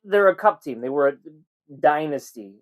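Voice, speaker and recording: A man co-hosting a casual chat in a relaxed, chatty way. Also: a little high, normal speed. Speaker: co-host.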